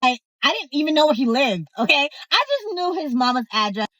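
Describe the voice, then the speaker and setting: A young woman telling a personal story in a casual, sassy, animated way, speaking straight to her viewers. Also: high voice, brisk, poor audio. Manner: animated, sassy, talks to the viewer, acts out others' voices. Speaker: storyteller host.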